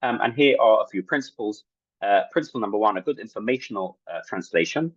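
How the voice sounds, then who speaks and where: A man giving an academic talk at an online workshop, halting and full of fillers, on video-call audio. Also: on the low side, expressive, slightly rough, dry recording, dull audio. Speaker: workshop presenter.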